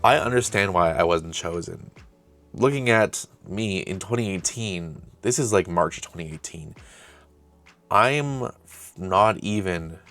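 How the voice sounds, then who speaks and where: A man's voice: sits low, lively intonation, unhurried, fairly bright tone, soft background music. A young man hosting his own channel, casually recounting an old project in a rambling, self-correcting way. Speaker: host. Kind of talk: casual retrospective chat.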